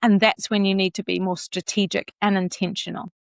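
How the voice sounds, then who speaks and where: A woman vocal coach giving conversational advice, animated and laughing now and then as she demonstrates pitch. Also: brisk, vocal fry, no echo.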